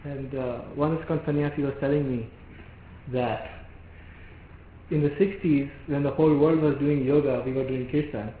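A preacher of medium pitch and fairly even intonation lectures on devotional themes, building his explanation step by step and pausing at rhetorical questions. Heavy hall echo, a thin telephone-like tone, and faint ambient hiss mark the audio.

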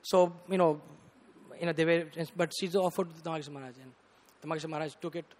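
A man preaching a storytelling sermon, animated and rising to loud bursts, often saying "you know". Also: a little high, fast. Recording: reverberant hall.

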